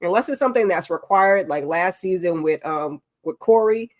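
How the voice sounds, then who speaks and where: A woman's voice: fairly low pitch, animated, moderate pace. A woman on a live panel giving emphatic, sassy commentary. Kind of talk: casual panel discussion.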